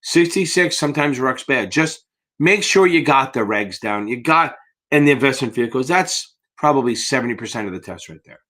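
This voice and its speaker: A man's voice: mid-range voice, expressive, moderate pace, sharp tone. A man tutoring students for securities exams on a live Q&A stream, blunt and profane and tired from yawning, calling his viewers baby. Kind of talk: live Q&A stream, casual teaching.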